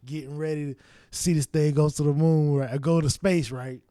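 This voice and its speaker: A man hosting his own show, telling a story in a casual, profane, animated way and acting out his younger self's reactions. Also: fairly high pitch, normal speed, smooth, no echo, studio quality. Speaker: show host.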